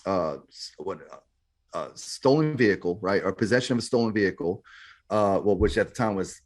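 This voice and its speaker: A man's voice: sits low, lively intonation, brisk. A man guest on a podcast, telling his story in a laid-back, slangy way, often saying "man" and "bro". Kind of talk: casual storytelling.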